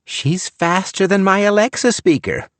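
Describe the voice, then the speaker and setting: A man's voice: high-pitched, animated, a little slow, fairly bright tone, no room sound, pitched above the performer's own voice. A man reading an audiobook and voicing a chatty mother who gushes about her daughter. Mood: proud.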